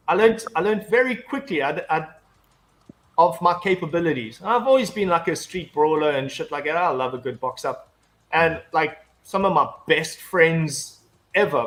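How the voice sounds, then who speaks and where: A man's voice: a little high, a bit bright. A man in casual chat, telling a long anecdote full of swearing and restarts. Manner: rambling storyteller, heavy swearing, frequent restarts. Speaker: guest.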